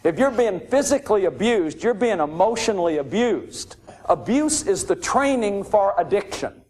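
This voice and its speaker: A man's voice: sits high, big pitch swings, normal speed, a little mellow. A man giving an emphatic, repetitive lecture to an audience about emotional abuse and grief. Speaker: lecturer on addiction and recovery.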